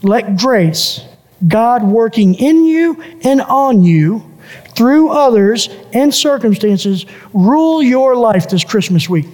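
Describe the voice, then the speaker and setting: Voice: medium pitch, expressive, takes it slowly, darkish tone, long reverb tail. A pastor preaching a sermon who builds each point through repeated lists and phrases.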